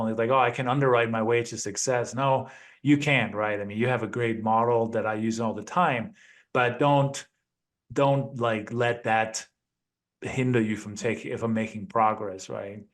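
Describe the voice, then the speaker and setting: A male guest in a conversational interview with an ordinary mid-range voice. He speaks in a relaxed, reflective way, often checking in with a quick question after each point. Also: mid-range voice. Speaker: guest, apartment investor.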